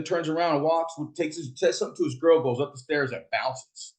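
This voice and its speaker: Talking fairly quickly with few pauses, a middle-aged Fresno, California man tells a personal story in a fairly high voice. He swears freely and mimics everyone he quotes.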